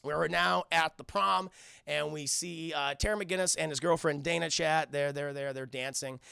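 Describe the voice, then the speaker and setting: A man recapping a cartoon episode live for his chat, swearing often and briefly voicing the characters as he goes. His voice is pitched a bit high, with a bright, edgy tone and plenty of gravelly fry. The sound is close and dry. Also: steady tone, no echo. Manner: rambling, swears, keeps addressing chat; acts out characters' lines in quick voices. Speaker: cartoon reviewer streaming to chat.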